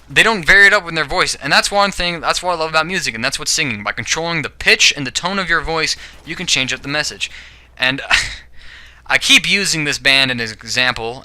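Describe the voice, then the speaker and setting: Bright, rambling young-sounding man. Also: medium pitch, slight background noise. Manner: rambling, with frequent "you know" and "all right?"; self-correcting, stumbling restarts. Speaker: video blogger. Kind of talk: casual opinion monologue.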